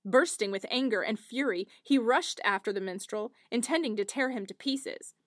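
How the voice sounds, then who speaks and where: High-voiced lady reading a fairy tale, really lively, dry sound. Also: normal speed, no echo. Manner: expressive, lively storytelling. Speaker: narrator. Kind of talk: storybook narration.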